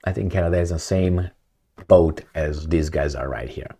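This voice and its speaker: A man giving blunt solo commentary, firing rhetorical questions and swinging between loud and soft. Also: rumbling low, normal speed, husky. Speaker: political commentator.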